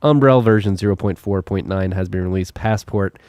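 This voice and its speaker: A man's voice: low-pitched, a little fast, darkish tone, clear, resonant tone, dry recording. A man co-hosting a casual podcast, joking and laughing often, and running through a list of updates. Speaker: podcast co-host.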